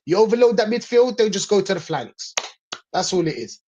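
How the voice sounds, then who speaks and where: A man's voice: sits high, expressive, brisk, mellow, dull audio, a little hiss or hum. A man talking as a guest in a casual football chat, insistent and repeating his points.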